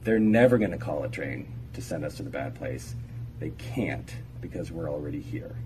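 A man's voice: very deep voice, lively intonation, moderate pace, darkish tone. A man reading a blunt young woman on noisy video. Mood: earnest. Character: blunt young woman making a big realization.

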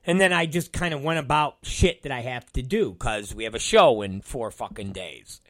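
A man's voice: mid-range voice, lively intonation, moderate pace, fairly bright tone, no room sound, clean studio sound. A middle-aged man hosting a podcast, telling an exasperated story in a profane, casual rant. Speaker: podcast host and wrestling promoter.

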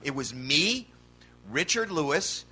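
Comedian guy late fifties, highish bright voice, animated storytelling, podcast mic. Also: slow, slightly rough. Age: 50s. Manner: animated, swearing, acts out his own yells. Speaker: comedian guest.

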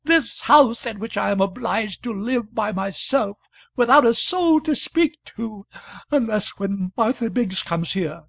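A woman's voice: animated, a little slow, vocal fry, dry recording, full character voice. A man voicing a stout, hysterical middle-aged wife who sobs and scolds in an old novel reading. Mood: sobbing. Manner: shrill, tearful, aggrieved. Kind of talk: audiobook character voice.

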